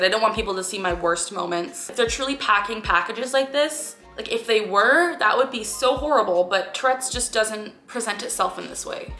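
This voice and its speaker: A woman's voice: medium pitch, bright, forceful tone. A young woman giving earnest, frustrated reaction commentary with sighing groans. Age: young adult. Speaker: YouTuber reacting to a clip. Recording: echoey room with faint music.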